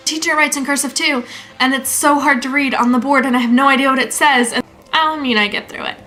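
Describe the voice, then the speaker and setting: A teenage girl from the United States talks casually to the camera in a vlog, breaking into giggles and correcting herself as she goes. Her voice sits high and sounds bright and clear. Soft music plays faintly behind her. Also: brisk, rough recording. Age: teens. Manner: chatty and giggly, with frequent laughs and self-corrections. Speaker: exchange student vlogger.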